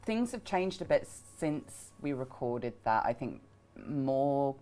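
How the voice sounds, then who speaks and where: Deep-voiced woman, voice actor guest. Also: sing-song, slow pace, warm tone. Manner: thoughtful, explains at length. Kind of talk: panel chat on a livestream.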